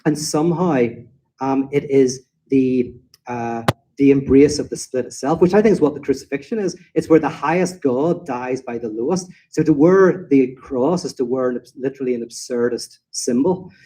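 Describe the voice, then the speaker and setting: A man's voice: mid-range voice, moderate pace, dark tone, slight background noise, poor audio. A man answering audience questions in an informal talk, rambling and acting out quoted voices as he tells stories. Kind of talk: informal lecture Q&A.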